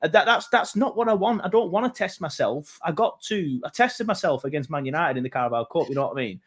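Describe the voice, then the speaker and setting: A man's voice: on the high side, lively intonation, quick pace, fairly bright tone. A man co-hosting a football podcast, telling rambling, self-mocking stories. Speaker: podcast co-host. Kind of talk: casual football chat.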